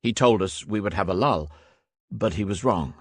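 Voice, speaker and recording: Deep-ish guy reading an audiobook, dead dry sound, no room at all. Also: moderate pace, no room sound. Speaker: audiobook narrator. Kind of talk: scripted narration.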